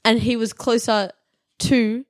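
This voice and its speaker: A woman co-hosting a podcast, laughing often and chiming in with quick quips. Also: on the high side, flat delivery, no echo. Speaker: podcast co-host. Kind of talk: casual chat.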